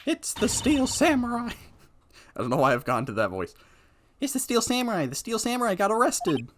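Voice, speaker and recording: A man's voice: high voice, wildly swooping pitch, normal speed, background noise, pitched above the performer's own voice. A man doing a squealing teen girl fan. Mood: frantic. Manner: squealing, breathless enthusiasm. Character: excitable teenage girl assistant, TV-show fan. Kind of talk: fan voice-acting of a game. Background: game music.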